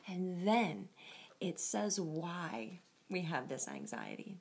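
A woman's voice: on the low side, sing-song, takes it slowly, vocal fry, darkish tone, husky. A woman hosting a casual devotional talk, often laughing and thinking aloud as she goes. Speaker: host of a devotional show.

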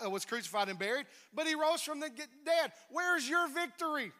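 A man preaching a sermon, emphatic, swinging between loud declarations and hushed near-whispers. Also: very high voice, a little fast, few pauses. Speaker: pastor. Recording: reverberant hall.

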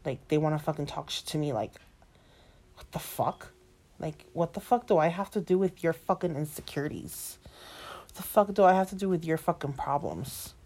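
With a low-pitched, warm voice and a brisk pace, a single mother in her twenties, age twenty-nine, vents in a defiant rant. She swears heavily, keeps repeating herself, and mixes English with Spanish.

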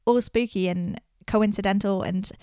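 A woman's voice: medium pitch, fairly even intonation, moderate pace, mellow, clean tone, no room sound, clean studio sound. Playful, chatty woman podcast co-host. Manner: chatty, playful, self-mocking. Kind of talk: casual chat.

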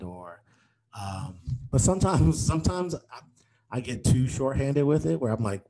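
A young adult man from Detroit, a stand-up comedian telling stories in a casual interview and acting out the voices of people he quotes. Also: a little slow. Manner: animated, acts out quoted voices with big pitch jumps.

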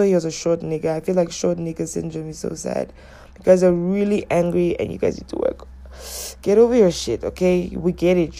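In a lowish, gravelly voice, a woman tells her viewers stories through a casual, blunt rant to camera. She curses heavily and acts out people's words in an animated way.

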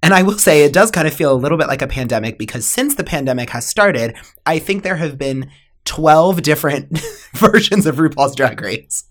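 A woman's voice: deep voice, lively intonation, moderate pace. A young woman co-hosting a podcast, chatting casually with lots of laughs and fillers. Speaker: podcast co-host. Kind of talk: casual chat.

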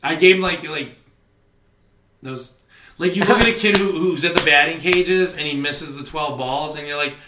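A young man, a stand-up comedian, telling stories in casual podcast chat, animated and swearing freely. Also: on the high side, moderate pace, reverberant, heavy background noise. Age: young adult. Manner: animated storytelling, heavy swearing.

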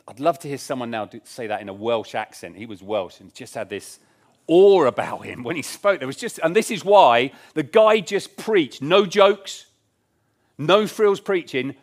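A man preaching a sermon in church, earnest and emphatic, repeating his key lines. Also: mid-range voice. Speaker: pastor.

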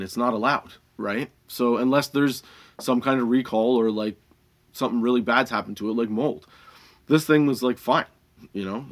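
A man casually telling stories about his old dispensary job, laid-back, swearing freely and laughing often, and high while he talks. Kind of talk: casual storytelling monologue.

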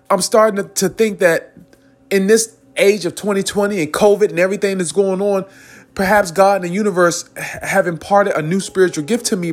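A man hosting a podcast, giving a rambling, earnest spiritual monologue and chuckling between phrases. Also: high-pitched. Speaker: podcast host.

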